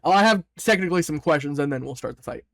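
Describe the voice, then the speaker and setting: A man's voice: a little high, expressive, racing, gravelly, fairly bright tone, dry recording. A man running a tabletop game as game master, chatting casually with his players and laughing often.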